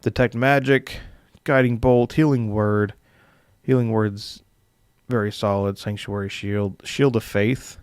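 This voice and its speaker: A man's voice: fairly low pitch, fairly even intonation, a little slow, smooth, no echo, studio quality. A young man casually hosting a live stream as dungeon master, rambling with filler words and chuckling as he reads viewer comments.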